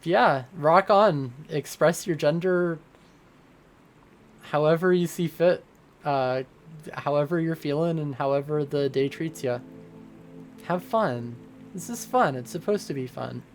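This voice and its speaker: A streamer answers chat in a casual livestream, goofy and rambling with plenty of fillers. The medium-pitched voice is unhurried with long pauses, and faint music plays in the background.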